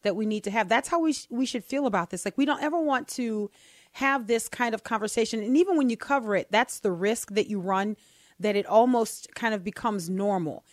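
A woman's voice: on the high side, brisk, no echo. Female talk radio co-host, casual and emphatic, dry studio mic. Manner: emphatic, repeats words when worked up.

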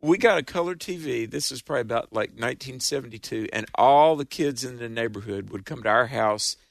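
A man's voice: mid-range voice, fairly quick, creaky, no echo. A man in his sixties co-hosting a radio show, telling stories about the old days. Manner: storytelling, nostalgic. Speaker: radio co-host. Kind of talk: casual studio chat.

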